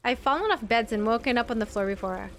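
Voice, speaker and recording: A young adult woman streams a let's-play, her voice on the high side and fairly bright, speaking at a quick pace over a little hiss or hum. Her commentary is casual and chatty, full of giggles and "like" fillers.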